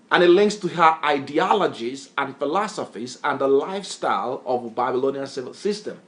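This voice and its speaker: A man preaching and teaching scripture, emphatic, quizzing his reader with repeated questions in a call-and-response style. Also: on the high side. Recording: echoey room.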